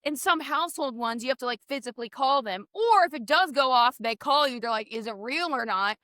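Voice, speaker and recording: High bright woman from the south, cohosting a podcast, animated storyteller, dry close sound. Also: fairly quick, no echo. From American South. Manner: animated storytelling, swears freely. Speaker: podcast co-host. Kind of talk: casual podcast chat.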